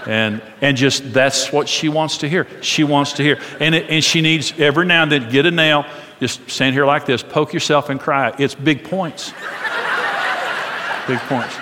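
Middle-aged male preacher, higher-pitched, animated and funny, echoing through a big hall. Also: moderate pace, background noise. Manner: animated, joking storyteller. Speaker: pastor. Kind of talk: conversational sermon. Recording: long reverb of a large hall.

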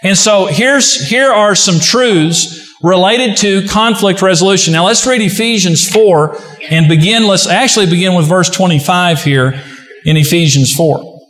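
A man's voice: high-pitched, a little slow, a bit bright. A man preaching a sermon as a pastor, telling folksy stories with humor. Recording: echoey hall.

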